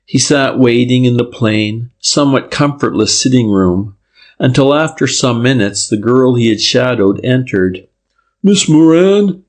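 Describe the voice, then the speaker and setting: A man narrating a classic detective novel in a steady, measured reading. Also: medium pitch. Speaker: audiobook narrator. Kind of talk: scripted narration.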